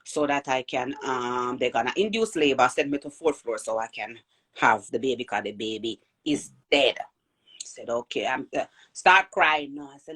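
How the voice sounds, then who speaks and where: A woman with a Jamaican accent telling a personal birth story in an animated way, acting out the voices of people she quotes. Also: very deep voice, moderate pace, breathy edge. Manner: animated, acts out quoted voices, repeats and restarts.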